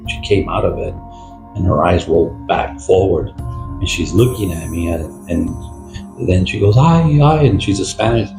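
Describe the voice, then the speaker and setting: An older man, a retired police officer, recounting an experience from his career in a rambling, halting way with many fillers. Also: low-pitched, vocal fry. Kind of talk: storytelling interview. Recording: roomy echo with faint music.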